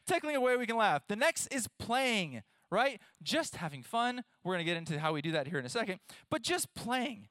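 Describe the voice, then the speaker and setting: A man in his thirties preaching a sermon, playful and animated, talking straight to his audience. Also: sits high, fairly quick, hardly any pauses, dry recording. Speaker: pastor.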